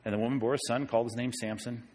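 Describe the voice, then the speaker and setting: A man's voice: medium pitch, racing. A man, a pastor, teaching a sermon on Bible passages in a conversational way, often asking his listeners questions. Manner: conversational, animated, asks the audience questions.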